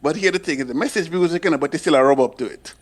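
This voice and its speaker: A Jamaican man chatting casually, telling animated stories with frequent laughter and bits of patois. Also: a little high, rapid-fire. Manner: animated storyteller, laughs often, slips into patois. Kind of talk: casual chat.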